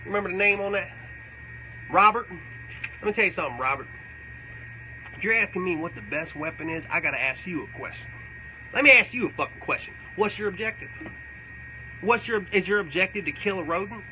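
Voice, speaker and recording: A man's voice: high-pitched, expressive, a little fast, long pauses, pushed and bright, a little hiss or hum, exaggerated voice, rough recording. A man playing a crude rambling backwoods man. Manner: profane, rambling, boastful drawl. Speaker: comedic character. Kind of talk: live comedic Q&A in character.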